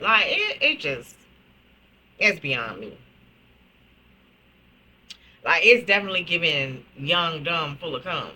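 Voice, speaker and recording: Slow, bright-voiced woman reacting. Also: low voice. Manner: slow, expressive, quick to laugh. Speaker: reaction channel host. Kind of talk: casual reaction commentary.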